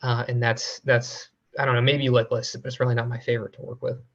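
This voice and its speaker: A man walks through a technical demo from home over a video call, easygoing and full of fillers. His voice stays fairly flat in pitch. The call audio is dull and lo-fi. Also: fast. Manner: relaxed, many fillers. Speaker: financial analyst presenting a coding demo. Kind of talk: casual technical walkthrough.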